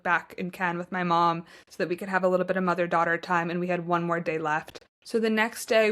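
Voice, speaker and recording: A woman's voice: medium pitch, fairly bright tone. A young American woman hosting her own podcast, talking in a heartfelt, gushing, chatty way with lots of "like" fillers. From United States. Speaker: podcast host. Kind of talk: casual chat.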